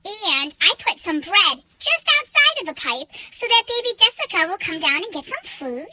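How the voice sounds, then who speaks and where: A young woman telling a funny story about her own life in an excitable, dramatic way. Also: very high voice, dry recording. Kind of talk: storytime narration.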